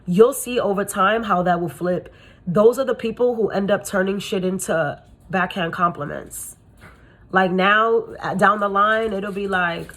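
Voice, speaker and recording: A woman's voice: unhurried, fairly bright tone. A young adult woman, a spiritual reader, giving blunt, profane and slangy advice in a casual monologue. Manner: acts out quoted people in high gushing voice.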